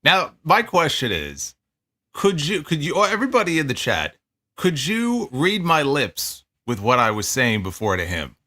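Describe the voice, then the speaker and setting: A man's voice: fairly high pitch, huge pitch swings, moderate pace, pushed and bright. A man co-hosting a casual livestream, wry and upbeat, joking as he gets things going. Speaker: podcast co-host.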